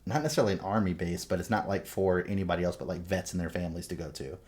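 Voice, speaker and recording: A man co-hosting a podcast in casual chat, a profane, rambling storyteller who shouts out quotes when retelling. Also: sits low, racing. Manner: loud acted quotes in retellings. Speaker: podcast co-host.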